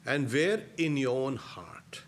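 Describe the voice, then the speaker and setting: A middle-aged man, a swami giving a spiritual discourse, emphatic and given to soft laughs at his own points. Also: medium pitch, animated, slow pace, a little hiss or hum.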